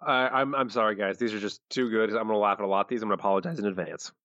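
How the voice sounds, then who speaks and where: A man's voice: on the low side, steady tone, racing, sharp tone, no echo, lo-fi sound. A man co-hosting a podcast, casually chatting and reading out listener messages while laughing often. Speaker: podcast co-host. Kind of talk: casual chat.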